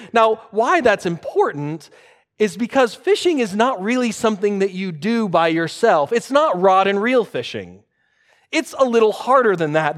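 Man preaching with a higher voice. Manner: expository preaching, varies pace for emphasis. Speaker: pastor. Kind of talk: sermon.

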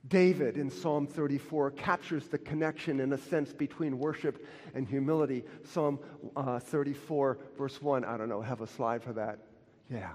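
Passionate high-voiced male preacher in a hall. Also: moderate pace, darkish tone. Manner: passionate, rising to emphatic peaks. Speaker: pastor. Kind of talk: sermon. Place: church sanctuary. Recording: long hall reverb.

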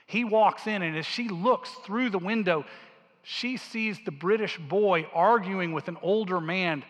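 A male pastor telling a story in a sermon with earnest, quiet intensity, dropping his voice low for quoted lines. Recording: long hall reverb.

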